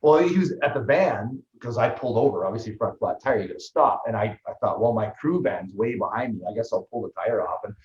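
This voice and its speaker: A man, a guest on an interview show, telling his story in a lively, fast way with many restarts. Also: fairly low pitch. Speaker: guest, ultraman athlete and trainer. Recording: roomy, slightly dull sound.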